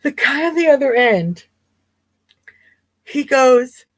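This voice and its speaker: A woman's voice: high voice, animated, slow pace, dry recording. A woman hosting a casual livestream talk show, chatty and amused, rambling and repeating herself. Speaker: host.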